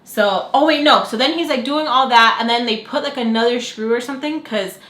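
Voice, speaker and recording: A young woman vlogger telling a story to the camera in a chatty, animated way, full of fillers. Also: a little high, fairly quick. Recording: echoey room.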